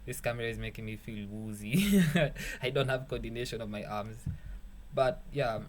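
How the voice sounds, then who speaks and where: Over background noise, a young man speaks at a normal pace in a mid-range voice, walking through beat-making in a casual screen-recorded tutorial. He rambles, curses freely, jokes at his own expense, and cracks himself up.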